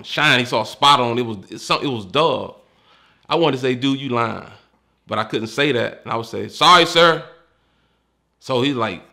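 A retired homicide detective from Washington, DC tells a candid story about his career, his gravelly mid-range voice bright and forceful. It's casual personal storytelling, full of profanity, with him acting out the people he quotes.

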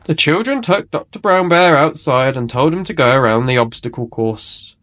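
A man reading a children's storybook aloud in an expressive, animated way. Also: mid-range voice, normal speed.

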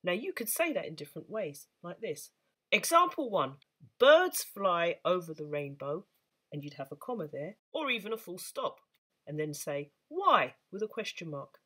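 A woman's voice: fairly low pitch, very animated, moderate pace, sharp tone, breathy edge. A woman teaching beginners the saxophone, patient and encouraging as she explains step by step. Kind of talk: instructional talk to camera.

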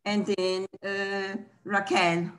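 Woman teacher on a video call, patient, explains each point slowly and clearly. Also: mid-range voice, level tone. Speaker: language teacher. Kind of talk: online language class.

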